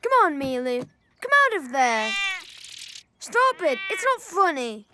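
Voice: sits high, a little slow, a little hiss or hum, full character voice. A performer voicing a cheerful, bold young boy rabbit in a dubbed cartoon, eager and insistent. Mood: lively. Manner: excitable, insistent. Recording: loud music under dialogue.

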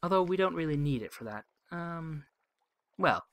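A man's voice: a little high, expressive, normal speed, fairly bright tone, dry recording. Wry musing let's play man. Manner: musing, wry, thinks aloud with many hmms. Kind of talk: game playthrough commentary, reading text aloud.

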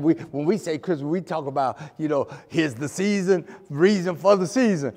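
A man's voice: fairly high pitch, fairly quick, few pauses, a little mellow, big-room sound. A male pastor preaching a fervent sermon, repeating phrases and hurling rhetorical questions at the congregation. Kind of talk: fiery sermon. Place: church sanctuary.

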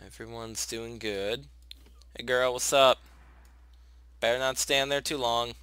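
A young man hosting a gaming channel chats casually through a life-sim let's play, talking to his characters and gushing whenever something cute happens. His medium-pitched voice has a clean tone and fairly even intonation, and he takes his time. The recording is dry, with soft music playing in the background.

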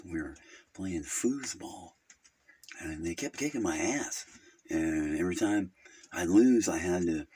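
A man's voice: deep voice, a little mellow, husky, exaggerated voice. A man playing a rambling, gossipy male Jehovah's Witness who halts, hums and giggles at his own crude jokes in an improvised comedy monologue.

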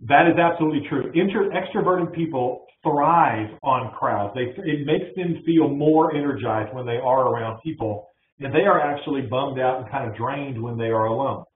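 A man presenting a webinar, answering audience questions in an energetic, hand-waving way from his office. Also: medium pitch, normal speed. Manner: energetic, talks with his hands. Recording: echoey, tinny phone-like line.

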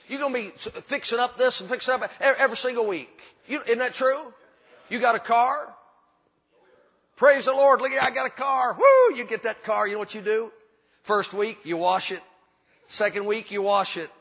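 A preacher with a high, bright voice that has a husky edge. He builds his points through repetition and folksy humor. The sound is a dull recording with a long reverb trailing off the sanctuary walls. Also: a little fast. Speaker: pastor. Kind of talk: sermon. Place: church sanctuary.

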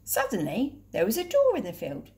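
A woman teacher reading a children's picture book aloud in a clear, steady, gentle voice. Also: mid-range voice, moderate pace, a little hiss or hum.

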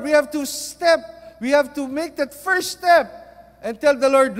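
A man preaching a sermon, mixing Tagalog into English and moving between loud and soft. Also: very high-pitched, measured pace. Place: church. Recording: long reverb of a large hall.

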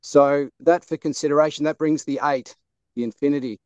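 An Australian man giving a soft, flowing blessing outdoors on a video call. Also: fairly high pitch, fairly even intonation, brisk, no echo, highs cut off. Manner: soft, flowing, repeats "beautiful". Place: outdoors under a tree.

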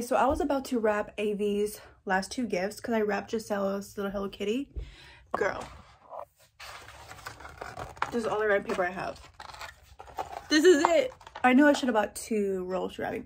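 A woman's voice: medium pitch, a little hiss or hum. A young woman vlogging in a chatty, playful way, calling her viewers girl. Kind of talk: casual vlog chat.

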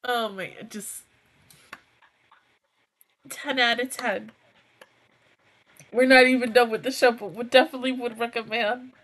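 Young woman anime reactor, rambling and emotional, sharp high voice. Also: steady tone, measured pace, pauses often, low-quality recording. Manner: emotional, rambling, swears freely. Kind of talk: casual emotional review.

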